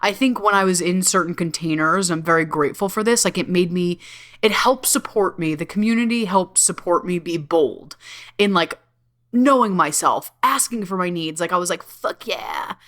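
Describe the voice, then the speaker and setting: A woman's voice: fairly low pitch, moderate pace, fairly bright tone. A woman hosting a podcast in a casual solo talk, bubbly and giggly, swearing freely and filling her speech with likes and ums. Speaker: podcast host.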